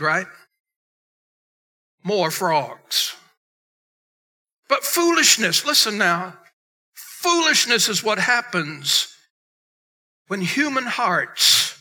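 A man preaching a sermon as pastor, emphatic, swinging between loud bursts and hushed moments. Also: extremely high pitch, animated, slow, long pauses.

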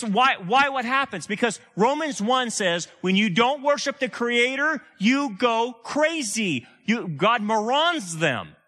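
A middle-aged male pastor preaching a sermon, animated and sarcastic, with casual slang and big swings between loud and hushed delivery. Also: a little high.

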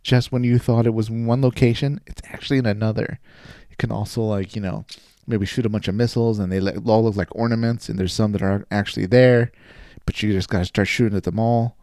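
A man's voice: fairly low pitch, steady tone, quick pace, mellow, no echo, studio quality. A man co-hosting a casual podcast, joking and laughing often, with playful mock-dramatic asides. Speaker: co-host.

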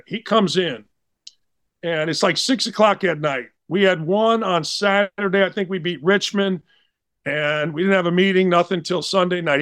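A man in his sixties telling blunt, animated sports stories as a podcast guest. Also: sits high, dry recording. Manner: blunt, animated, slangy anecdotes. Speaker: guest, former college basketball player. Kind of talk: casual storytelling.

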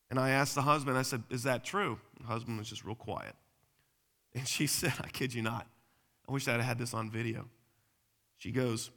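A man preaching a sermon on marriage, swinging between loud emphatic bursts and low, quiet asides. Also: fairly even intonation, brisk. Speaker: pastor. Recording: echoey hall with long reverb.

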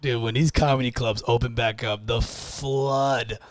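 A man's voice: mid-range voice, fairly even intonation, measured pace, no room sound. A man, a stand-up comedian, chatting on a podcast, defensive and self-mocking. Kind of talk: casual podcast banter.

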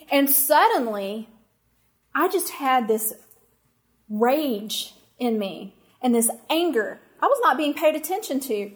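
A middle-aged woman, telling a personal story to an audience in an animated, emphatic way. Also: sits high. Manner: animated, emphatic, talks straight to listeners. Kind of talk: personal anecdote told to an audience.

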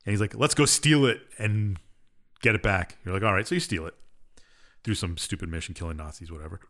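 A man's voice: low voice, brisk, fairly bright tone. Laid-back man recapping a game plot. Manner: laid-back, dismissive storytelling with "blah, blah". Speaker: podcast co-host.

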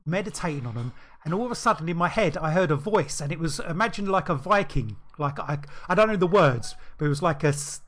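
A man's voice: fairly high pitch, expressive, brisk, few pauses, a bit bright. A man co-hosting a podcast, telling a rambling story in casual chat, full of restarts and fillers. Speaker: podcast co-host.

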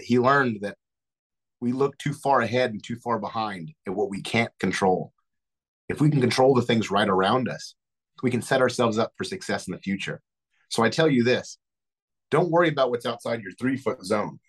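A man's voice: fairly low pitch, husky, rough recording. A zookeeper guest on a podcast interview, a man giving earnest, motivational advice through a long told story. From Texas.

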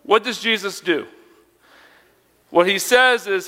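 A man's voice: sits high, slow, bright, forceful tone, in a large hall. A young man preaching a sermon as a youth pastor, conversational and emphatic, asking rhetorical questions.

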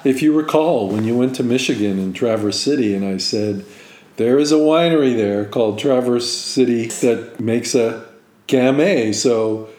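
A middle-aged man co-hosting a wine podcast, speaking in a measured, explanatory way. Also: mid-range voice, a little mellow. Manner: measured and explanatory, with pauses and fillers. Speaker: podcast co-host, wine expert. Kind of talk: casual podcast chat. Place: sparse, empty apartment room. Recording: echoey empty room.

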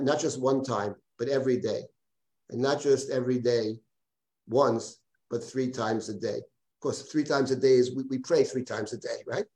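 A rabbi teaching a text study class, reading a passage aloud and translating it line by line. His man's voice is soft and mellow, and he often stops to repeat a word as he explains. It comes through roomy video-call audio with plenty of echo. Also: mid-range voice. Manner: halting, repeats words while translating and explaining.

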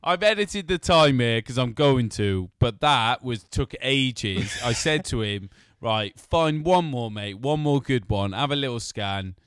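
A man's voice: mid-range voice, animated, unhurried, few pauses, a bit bright, clean tone, no echo, clean studio sound. A man hosting a podcast, chatting casually, teasing his co-host, swearing and laughing often. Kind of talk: casual chat.

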